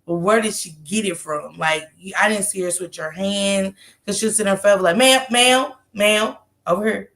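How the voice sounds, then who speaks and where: A woman in her thirties telling a story in casual chat, animated and profane, laughing often and acting out the people she quotes. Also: medium pitch, normal speed. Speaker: storyteller recounting a street encounter.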